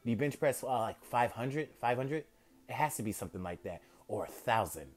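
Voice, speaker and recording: A man's voice: medium pitch, expressive, fairly quick, lightly acted. Cocky young superhero who won't stop joking mid-fight, voiced by a male fan storyteller. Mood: mocking. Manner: wisecracking, rambling banter. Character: young male masked hero, cocky joker.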